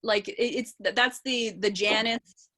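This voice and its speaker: A woman actor and accent coach talking in a panel video chat, animated and explanatory. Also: fairly high pitch, unhurried. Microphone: video call.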